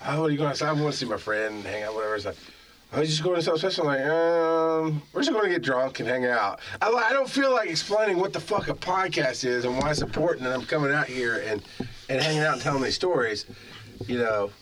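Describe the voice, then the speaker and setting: A man telling long stories in a loose, profane podcast chat, with lots of pitch swings. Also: fast talker, slight background noise. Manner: animated, profane storytelling. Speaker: podcast guest. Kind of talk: casual chat.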